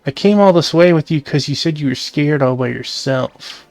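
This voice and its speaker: A man's voice: fairly high pitch, moderate pace, gravelly, darkish tone, no room sound, soft background music. A man putting on a cranky, whiny young boy. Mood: exasperated. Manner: whiny, exasperated. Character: cranky young boy, a reluctant bodyguard brother.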